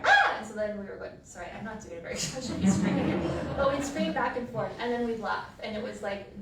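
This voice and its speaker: A woman giving a eulogy for her sister, telling funny stories and laughing through them. She is heard from a distance in a very echoey funeral chapel. There is steady background noise under her voice. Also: mid-range voice. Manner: storytelling, laughing through memories. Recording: echoey hall from far off, noisy.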